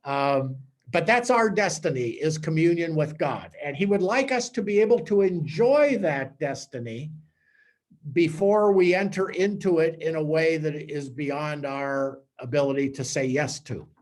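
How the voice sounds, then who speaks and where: A man, a priest, giving a conversational teaching talk to a small group with animated storytelling. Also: a little high, a little slow.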